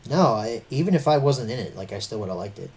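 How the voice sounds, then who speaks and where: A man's voice: mid-range voice, animated, quick pace, a little mellow. A young man hosting a casual chat, rambling and rattling off rankings. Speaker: channel host. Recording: faint background noise.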